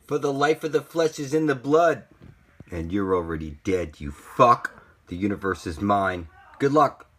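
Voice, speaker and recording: A man's voice: on the low side, expressive, a little slow, sharp tone. A man delivering a threatening, profane monologue as a channel host, taunting and contemptuous. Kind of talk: menacing monologue to camera.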